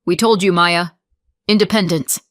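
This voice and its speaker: A woman voicing a detached middle-aged father who talks flatly and boredly, as if reading from a script. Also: fairly low pitch, normal speed, no room sound, clean studio sound, natural voice.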